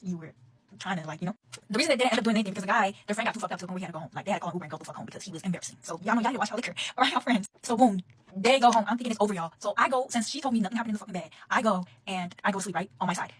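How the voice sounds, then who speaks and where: Fast-talking, cursing young woman telling a story. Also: medium pitch, a bit bright, slightly rough, poor audio. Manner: fast, profane, heated storytelling. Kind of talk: casual storytime rant. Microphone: phone camera.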